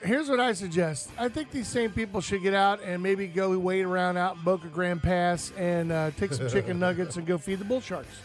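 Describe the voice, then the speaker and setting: A man's voice: sits high, normal speed, few pauses, soft background music. A man hosting a live outdoors radio show from a studio, joking and reading sponsor plugs. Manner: joking, reads sponsor plugs and call-in number.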